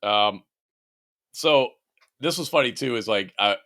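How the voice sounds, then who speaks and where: A man co-hosts a casual podcast from his own mic. His tone is bright and forceful and the sound is dry and close. He chats loosely, laughs often and swears freely. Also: mid-range voice, lively intonation, measured pace, dry recording. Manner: laughing, chatty, profane. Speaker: podcast co-host.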